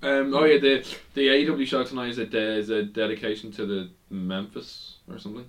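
A man's voice: medium pitch, flat delivery, a little fast. A man co-hosting a casual wrestling podcast, rambling with many ums and restarts and swearing now and then. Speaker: podcast co-host.

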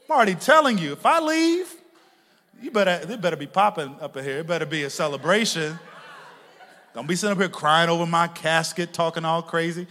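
A male pastor preaching a sermon to his congregation, moving from hushed asides to loud shouted peaks, with playful laughing remarks. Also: fairly high pitch, fairly quick. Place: church sanctuary with a congregation. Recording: long reverb of a large church hall.

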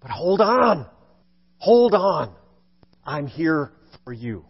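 A man voicing Jesus as a gentle, comforting adult man who speaks in a tender hush, heard in a dull recording in a reverberant church. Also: a little high, sing-song, extremely slow, vocal fry, breathy edge, heavily acted. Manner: hushed, tender, consoling.

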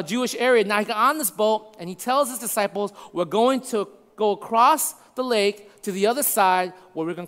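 A man preaching a sermon to a congregation, conversational and checking in with his listeners, dropping to a hush for emphasis. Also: very high-pitched. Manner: shifts from loud to hushed for emphasis. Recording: long hall reverb.

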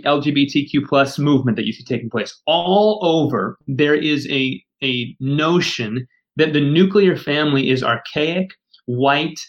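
A man's voice: fairly high pitch, lo-fi sound. A man co-hosting a podcast, talking in an earnest, firm and emphatic way. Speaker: podcast co-host. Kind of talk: casual discussion.

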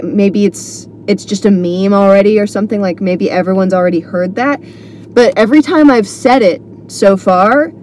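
A woman's voice: mid-range voice, a little mellow. Woman comic rambling on her own pod, lots of likes and you knows, bit of hiss behind. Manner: rambling, filler-heavy storytelling. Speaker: podcast host and comedian. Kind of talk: casual solo monologue.

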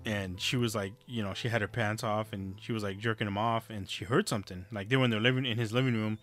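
A man co-hosting a podcast, telling stories in a rambling casual way, full of fillers, his voice dropping low for the creepy parts. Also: fairly even intonation, fast talker, a bit bright, soft background music. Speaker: podcast co-host. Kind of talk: casual chat, storytelling.

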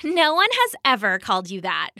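A sassy young girl, put on by a woman storyteller, talks bluntly and teasingly in a high, lively voice. She sounds confident and quick to tease, in a dry, close recording. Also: gravelly, no echo, full character voice.

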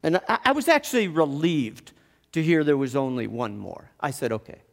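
A fairly high-voiced man tells a personal story with animated energy and keeps stumbling into quick repeated restarts. The recording carries a long, lingering hall reverb. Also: gravelly.

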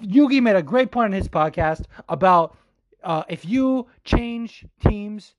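A man giving a heated, profane opinion rant as a fight commentator, talking quickly and calling the listener "dude" over and over. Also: high-pitched, muffled recording. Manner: profane, fired-up, says "dude" a lot; quick, animated delivery. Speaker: MMA commentator.

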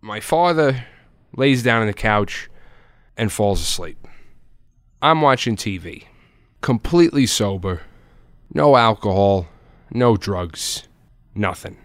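A man in his thirties telling a personal story in a conversational way, often dropping low and soft at the ends of phrases. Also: lively intonation, slow pace, pauses often, dry recording, studio quality. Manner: conversational, drops to a low aside at line ends.

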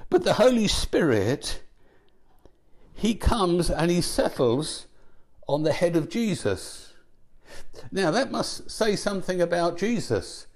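A man preaching a sermon at an unhurried pace, with a voice pitched a little higher than most men's. He speaks deliberately and lets his voice fall away at the ends of phrases. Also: gravelly.

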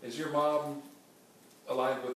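A co-host speaks at a mid pitch and keeps to short, encouraging replies and dry asides. The voice sounds far from the mic. It sits in a very echoey room with faint noise behind it. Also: flat delivery, unhurried, fairly bright tone. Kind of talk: casual podcast chat.

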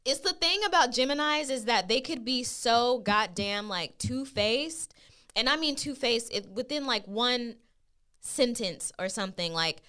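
A woman co-hosting a podcast in casual chat, blunt and profane, telling stories with animated asides. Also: fairly high pitch. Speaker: podcast co-host.

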